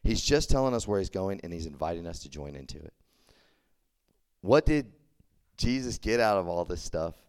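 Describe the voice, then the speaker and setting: A man's voice: deep voice, big pitch swings, moderate pace, pauses often, a little mellow, smooth. A young man giving a casual, conversational sermon to a college group, telling a story with many fillers. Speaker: preacher at a college ministry.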